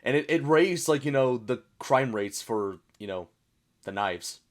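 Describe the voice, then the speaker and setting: Young american dude reacting to memes, mid pitch, chatty, kinda puzzled, reads captions out loud. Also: male voice, animated, a little slow. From United States. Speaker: YouTube reaction host. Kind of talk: casual reaction commentary.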